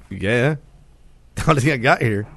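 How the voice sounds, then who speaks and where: Lively joking man, podcast banter. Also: medium pitch, gravelly, no echo. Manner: loud, joking, quick to laugh. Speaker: podcast co-host. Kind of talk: casual chat.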